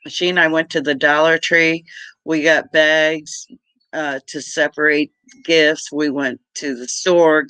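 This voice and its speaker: A man's voice: fairly high pitch, pushed and bright, clear, resonant tone, no echo, poor audio. A middle-aged man from Britain hosting a casual livestream, chatty and laughing often as he greets viewers by name. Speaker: homestead livestream host.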